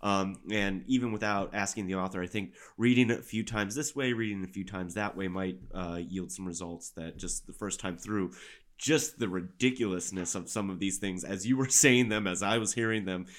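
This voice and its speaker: A man talking casually on a discussion panel, thoughtful and measured, with frequent fillers. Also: low voice, a bit bright.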